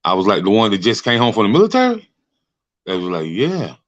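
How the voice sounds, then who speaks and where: Male host, very low voice, halting casual talk, dry lo-fi sound. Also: wildly swooping pitch, dry recording. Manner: hesitant, retells with "they was like". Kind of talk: casual conversation.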